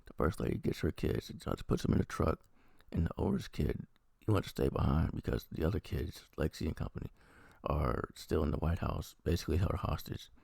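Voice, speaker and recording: A man's voice: extremely low pitch, brisk, creaky, darkish tone, no room sound, clean studio sound. A man giving a rambling, profane, casual recap and review of a TV episode. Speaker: TV review vlogger.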